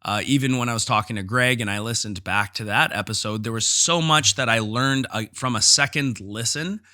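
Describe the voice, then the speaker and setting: A man's voice: mid-range voice, normal speed, bright, forceful tone. A man hosting a solo podcast, talking casually and candidly about teaching, with frequent fillers and restarts. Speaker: podcast host and jiu-jitsu instructor.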